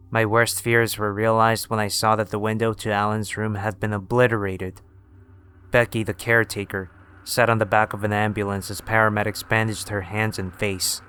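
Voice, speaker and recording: A man narrating a first-person horror story in a steady, scripted storytelling manner. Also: fairly low pitch, clear, resonant tone.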